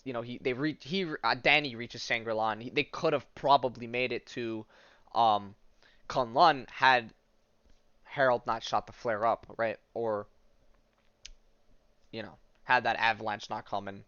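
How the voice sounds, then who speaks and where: A man's voice: medium pitch, a bit bright, smooth, dry recording, lo-fi sound. A man hosting a podcast in a rambling, casual way, full of restarts and fillers, who reads a comic aloud. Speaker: podcast host.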